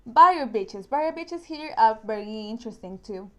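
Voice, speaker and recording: Woman teacher, Spanish accent, slightly high voice, careful explainer who repeats herself. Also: animated, normal speed, sharp tone. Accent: Spanish-speaking. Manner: explains step by step, often repeats and restarts words. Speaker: science teacher. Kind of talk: recorded online science lesson.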